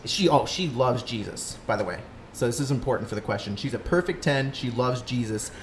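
A man's voice: mid-range voice, animated, a little fast, a little hiss or hum. A man co-hosting a podcast in casual chat, joking and crude. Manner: joking, crude, laid-back. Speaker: podcast co-host.

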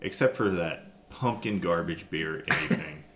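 A man's voice: low-pitched, measured pace, a bit bright, a little hiss or hum. A man in his thirties hosting a casual chat over drinks, joking and playful. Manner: jokey, playful banter. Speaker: podcast host.

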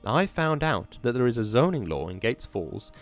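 A man's voice: mid-range voice, very animated, normal speed, faint music behind. A man reading the lines of a defiant, sarcastic young mill worker, with a cocky, mocking delivery.

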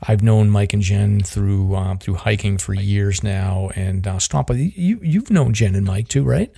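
A man's voice: lowish voice, measured pace, gravelly, dark tone, breathy edge, dry recording, clean studio sound. A man hosting a hiking podcast, rambling and self-deprecating as he opens a casual interview. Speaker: podcast host.

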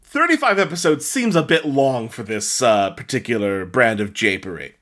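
A man's voice: medium pitch, normal speed. A man co-hosting a casual podcast, bantering with friends and laughing often. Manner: reads aloud in a flat mock-pleading voice, laughs often. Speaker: podcast co-host.

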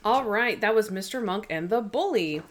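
Animated woman podcast co-host. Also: mid-range voice. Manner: animated, quotes characters in quick bursts. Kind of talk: casual chat.

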